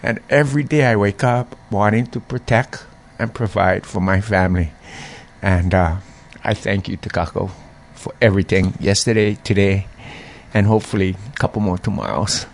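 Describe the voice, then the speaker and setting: A man's voice: on the low side, normal speed, a little hiss or hum. A middle-aged man, a former mayor speaking as an interview guest and telling personal stories with feeling. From Hawaii. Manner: animated storyteller, voices others' reactions, frequent laughs. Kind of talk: heartfelt conversational storytelling.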